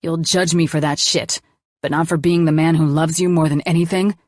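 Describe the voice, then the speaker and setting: A woman's voice: low voice, fairly even intonation, a little fast, darkish tone, no room sound, clean studio sound. A woman voicing a young male doctor in an audiobook, defensive and swearing as he argues with his lover. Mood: heated. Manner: swearing, pleading.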